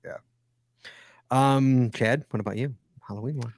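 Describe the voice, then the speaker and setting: A man's voice: medium pitch, unhurried, creaky, a little mellow, no echo, clean studio sound. A man hosting a casual podcast, teasing his co-hosts and rambling with fillers. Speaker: podcast host.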